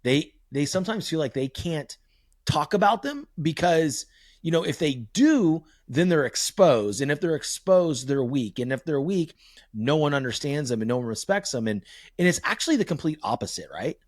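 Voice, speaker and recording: A man hosting a podcast, talking candidly and telling family stories in an animated way, swearing freely. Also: on the high side, moderate pace, no room sound, clean studio sound. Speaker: podcast host. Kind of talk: casual podcast conversation.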